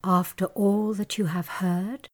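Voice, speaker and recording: A young noblewoman, anxious and tender, as a woman acts her out, speaking softly and hesitantly in an audio drama. She takes her lines slowly, at a middling pitch. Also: flat delivery, close to an everyday voice. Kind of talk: amateur audio drama acting.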